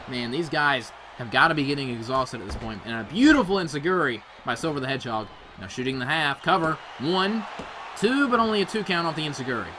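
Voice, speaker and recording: Excitable young man calling wrestling. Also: fairly high pitch, a little hiss or hum. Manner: excitable, rises to shouts on near-falls. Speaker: play-by-play commentator. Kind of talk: video game wrestling commentary.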